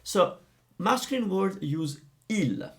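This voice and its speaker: A man teaching Italian grammar, explaining in a lively, playful way. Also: high voice, slow pace, gravelly.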